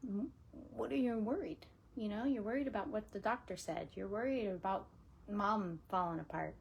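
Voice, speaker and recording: A woman teaching laughter yoga in a casual, gentle coaching way, often dropping into whispers and playful laughs. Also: mid-range voice, normal speed, gravelly, husky. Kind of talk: casual spoken guidance.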